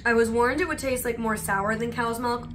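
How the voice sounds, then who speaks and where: Against a noisy background, a young woman tries snacks on camera, her fairly high voice fairly even and moderately paced. Her chat is loose and meandering, packed with "like" as filler.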